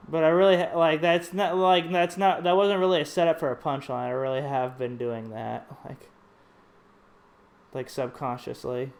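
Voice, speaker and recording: A man chatting casually while painting a pinball playfield, low-key, rambling and often cutting himself off mid-sentence. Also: little pitch movement, normal speed, creaky. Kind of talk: casual chat while working.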